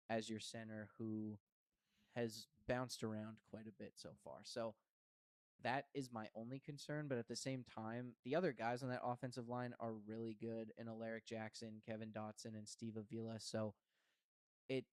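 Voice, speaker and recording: Smooth-voiced young man hosting a podcast. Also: mid-range voice, no echo. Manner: relaxed, chatty, with fillers. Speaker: podcast host. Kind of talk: casual sports podcast chat.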